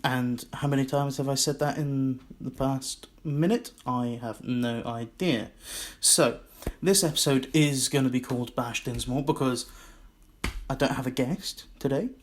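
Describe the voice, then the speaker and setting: A man's voice: mid-range voice, steady tone, measured pace. A man with a Scottish accent hosting his own podcast, rambling and self-mocking in a casual solo monologue. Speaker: podcast host.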